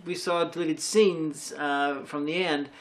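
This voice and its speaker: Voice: mid-range voice, steady tone, a little slow. An adult co-reviewer in casual film chat who makes careful, hedging points with many restarts.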